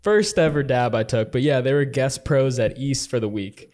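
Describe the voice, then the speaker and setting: Young male podcast co-host, mid-pitched, casual and swearing freely. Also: normal speed, a little mellow. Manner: loose, profane, storytelling. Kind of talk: casual chat.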